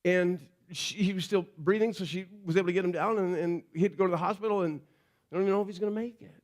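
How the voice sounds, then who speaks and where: A male pastor preaching a sermon in a conversational storytelling way, often dropping to a quiet, earnest tone for emphasis. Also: sits high, fast.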